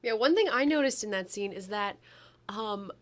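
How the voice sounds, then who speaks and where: A woman's voice: medium pitch, lively intonation, normal speed, faint music behind. A woman co-hosting a casual movie-review podcast, with dry, sarcastic humor. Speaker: podcast co-host.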